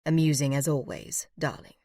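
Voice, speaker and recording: A woman's voice: sits low, moderate pace, mellow, dry recording, voice pushed down. A woman voicing a cool, dry British male band manager who drawls and teases for an audiobook.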